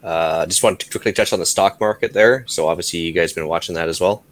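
A man's voice: low voice, fast talker. A Canadian man co-hosting a podcast, chatting casually and joking as he rambles through the news. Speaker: podcast co-host. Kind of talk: casual chat.

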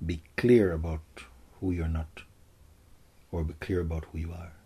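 Casting: deep, warm-toned man as a spiritual teacher, soft and gentle. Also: steady tone, moderate pace, slightly rough. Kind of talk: spiritual Q&A talk.

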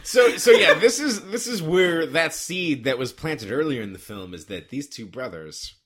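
Sarcastic man with a lively bright voice. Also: fairly high pitch, moderate pace. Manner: sarcastic, wisecracking. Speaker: podcast co-host. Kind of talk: casual movie recap chat.

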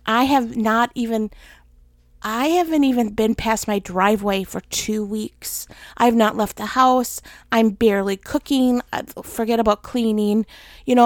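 A woman's voice: fairly high pitch, no room sound, clean studio sound. A middle-aged woman hosting a personal faith podcast, talking candidly and with self-deprecating humor, worn out while recovering. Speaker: podcast host.

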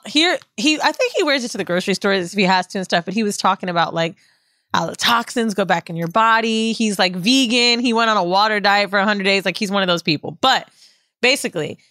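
Female co-host, bright voice, profane storyteller, dry close mic. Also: medium pitch, brisk, dry recording. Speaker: podcast co-host. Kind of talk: casual chat.

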